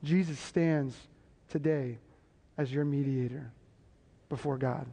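A man preaching a sermon, building emphasis and tossing quick asides to the congregation. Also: mid-range voice, steady tone, vocal fry, dark tone. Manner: preaching with rising emphasis and repeated call-and-response asides. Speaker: pastor. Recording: long hall reverb.

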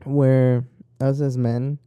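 A man's voice: mid-range voice, little pitch movement, drawn-out words, dark tone, clear, resonant tone, dry recording, dull audio. A young man chatting casually, rambling and swearing freely as he tells stories. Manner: rambling, profane and talkative. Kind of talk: casual chat.

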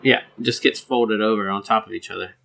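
A young man from Georgia in the United States co-hosting a podcast, joking in a relaxed, laid-back way. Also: fairly low pitch, brisk, vocal fry. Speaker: podcast co-host. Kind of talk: casual banter.

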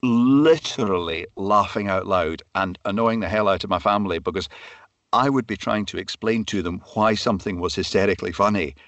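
Man, audiobook narrator guest, articulate, low voice, dry close sound. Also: brisk, a bit bright, no room sound. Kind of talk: conversational interview.

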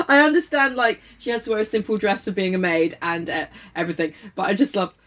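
A woman's voice: mid-range voice, brisk, fairly bright tone. A woman co-hosting a podcast, chatting in a giggly, joking way. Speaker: podcast co-host. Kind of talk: casual chat.

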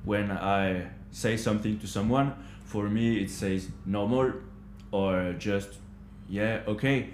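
French guy talking slow and halting, lowish voice, echoey kitchen, a bit of background hum. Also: steady tone, darkish tone. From France. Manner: hesitant, halting, searching for words. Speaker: guest. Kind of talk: casual conversation. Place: upstairs kitchen of a hostel.

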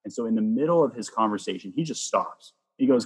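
At a quick pace, a deep-voiced, husky Canadian man tells his faith story as an interview guest, voicing the words people said to him with lively energy. A long reverb rings around him, as if he were in a spacious room.

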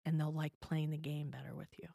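Middle-aged woman, parenting guest, patient explainer, lowish voice, dry close recording. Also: flat delivery, a little fast, creaky, dark tone, no echo. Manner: patient, explanatory, checks in with "okay?". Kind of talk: conversational advice interview.

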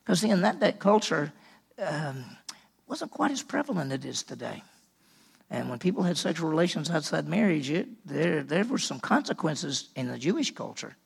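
Gravelly pastor preaching. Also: male voice, fairly high pitch, big pitch swings, normal speed. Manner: folksy storytelling, acts out quotes. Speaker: senior pastor. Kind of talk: sermon.

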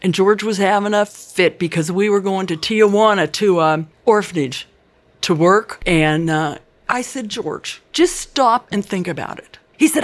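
A woman's voice: medium pitch, animated, unhurried. An older woman recounts her life in an interview. She talks in an earnest, chatty way and acts out the dialogue of the people in her stories. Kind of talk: personal life story.

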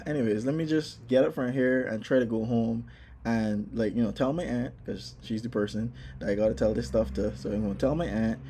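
A man casually telling a personal story, animated, acting out his own exclamations. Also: medium pitch, a little fast, slight background noise.

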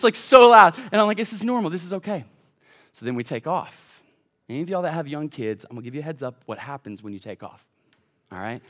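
A young man preaching a sermon, telling a lively family story to the congregation. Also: fairly high pitch. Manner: animated, addresses the congregation as y'all. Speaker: college pastor.

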